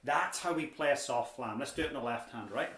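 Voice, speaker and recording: This drumming lesson comes from a young man speaking at medium pitch and a fairly quick clip. He's friendly, talkative and encouraging, slipping in a dad joke now and then. The recording has an echoey room sound and clear background noise.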